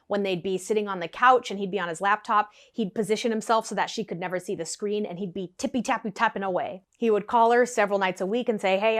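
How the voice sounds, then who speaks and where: A young woman telling a story in a vlog, animated and laughing often. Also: medium pitch.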